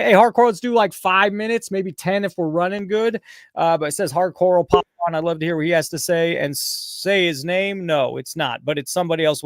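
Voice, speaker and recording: A man's voice: fairly high pitch, no room sound, clean studio sound. A man hosting a casual live call-in show, rambling and swearing as he switches between the chat and his caller. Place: home studio, fighting an echo.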